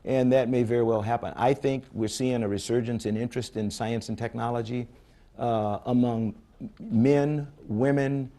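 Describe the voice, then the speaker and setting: At a public forum in a conference room, a space agency head answers questions from the audience in a conversational Q&A. He is an older man whose medium-pitched voice has a dark tone, a fairly even intonation and a moderate pace. He speaks candidly and bluntly, frequently restarting as he tells stories.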